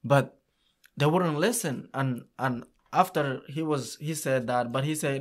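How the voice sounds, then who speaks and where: Guy telling camp stories in an interview, middle pitch, lots of restarts, animated. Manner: animated, halting, many restarts. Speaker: youth soccer camp organizer, guest. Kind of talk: casual storytelling in an interview.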